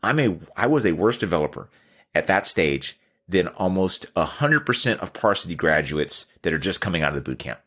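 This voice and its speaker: A man's voice: low voice, expressive, a little fast, fairly bright tone. A man, telling a candid, self-deprecating story in a casual podcast chat. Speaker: podcast host.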